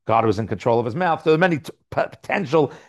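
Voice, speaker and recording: A man giving a Talmud class lecture, explaining lively, posing and answering his own questions and reading passages aloud. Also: medium pitch, quick pace, highs cut off. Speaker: Talmud teacher.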